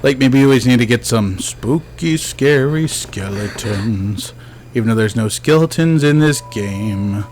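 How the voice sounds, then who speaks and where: A man's voice: medium pitch, moderate pace, hardly any pauses, darkish tone, slight background noise. A man giving casual let's-play commentary as a game streamer, chatty and joking, talking back to the ghosts on screen.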